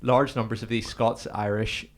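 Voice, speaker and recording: A man reading out search results on a podcast, haltingly and stumbling on words. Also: fairly low pitch, fairly even intonation.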